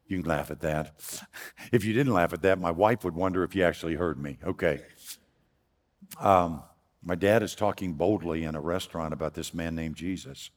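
An older man preaching a storytelling sermon in a church, loud, folksy and earnest. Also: low voice, moderate pace. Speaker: guest preacher. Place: church sanctuary. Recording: long hall reverb.

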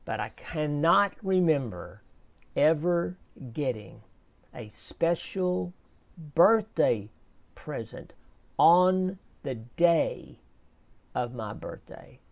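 Man, fairly high and gravelly voice, casual faith testimony, halting, repeats himself. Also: animated, dull audio. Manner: slow, halting storytelling with repeated words. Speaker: storyteller sharing a personal faith testimony.

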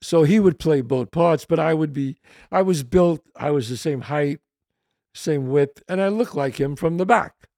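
A gravelly, slightly high-voiced older man tells a rambling story, acting out the people in it. The sound is dry and close, with no room around his voice. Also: a little slow, dry recording. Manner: animated anecdote with quoted voices, some swearing. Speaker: podcast host. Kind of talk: casual storytelling.

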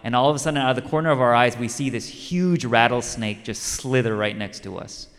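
A man's voice: mid-range voice, a little fast. A male pastor preaching a sermon in a conversational way, telling a story and repeating key lines for emphasis. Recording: long reverb of a large hall.

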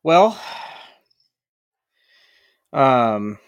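A man co-hosting a podcast in casual chat, teasing his co-host in a deadpan, halting way. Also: medium pitch, smooth, no echo, muffled recording. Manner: teasing, deadpan, hesitant restarts.

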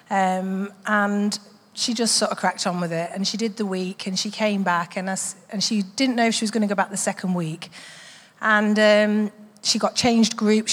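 A woman in middle age shares a testimony with the congregation. She talks in a chatty, heartfelt way, with ums and restarts, at a middling pitch. Her voice carries a long reverb from the church hall. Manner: chatty, heartfelt storytelling with many fillers. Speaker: church member sharing a testimony.

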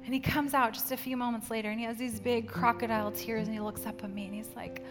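A woman's voice: medium pitch, little pitch movement, fast talker, few pauses. A middle-aged woman preaching a sermon and telling a personal story in an earnest way, acting out voices as she quotes them. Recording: long hall reverb with music behind. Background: soft guitar music.

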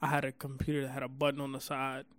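A man's voice: medium pitch, monotone, fast talker, fairly bright tone, no room sound. A man co-hosting a podcast, telling stories in casual chat and laughing often. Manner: laughs often, playful storytelling. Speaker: podcast co-host.

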